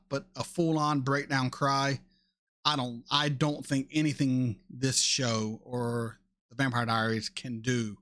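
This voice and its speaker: A man in his thirties hosting a casual chat, answering viewer questions in a blunt, animated way and swearing freely. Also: medium pitch. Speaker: reaction channel host.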